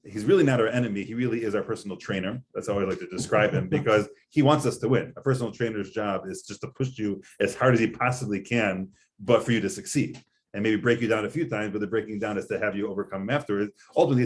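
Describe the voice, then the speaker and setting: A man, a rabbi, giving a conversational Torah lecture, explaining earnestly with frequent fillers. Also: lowish voice. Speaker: rabbi teaching a class.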